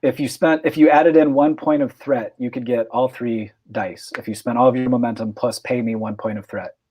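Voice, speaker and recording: A man's voice: mid-range voice, fairly even intonation, normal speed, darkish tone, breathy edge. A man narrating as game master of a tabletop role-playing game, explaining rules with fillers and restarts.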